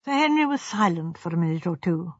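An audiobook reader giving an even, measured narration. The recording is dry and close, with a slightly dull, muffled tone. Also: mid-range voice, husky, no echo. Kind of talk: scripted narration.

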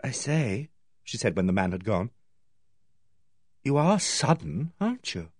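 A man's voice: low voice, lively intonation, moderate pace, a little mellow, no echo, pitched below the performer's own voice. Man doing guileless young woman, awkward, offhand, lilting up and down, dry close sound. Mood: awed.

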